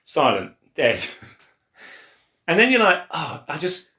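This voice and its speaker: Man, higher voice, lively swings, talking Bible in an echoey room; animated, acts out quotes. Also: slow. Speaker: co-host of a church Bible podcast. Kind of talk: casual Bible discussion.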